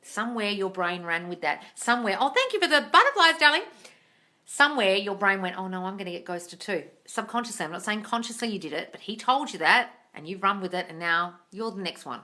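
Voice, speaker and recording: Woman, livestream host, animated, swears freely, bright tone, mid pitch, home room. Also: fairly quick. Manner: animated, swears freely, calls listeners darling. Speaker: host answering viewer questions. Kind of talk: livestream Q&A chat. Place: room at home with door open. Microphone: tablet.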